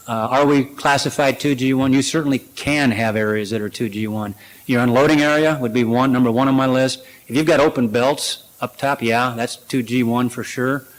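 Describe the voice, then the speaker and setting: A man at a conference lectern takes questions and answers them in a plain, practical way. His talk is loose and conversational, full of "you know" and "uh". His voice sits at a middle pitch for a man. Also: fairly even intonation, moderate pace, low-quality recording. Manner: practical, conversational, many fillers. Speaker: conference speaker. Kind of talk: presentation and Q&A.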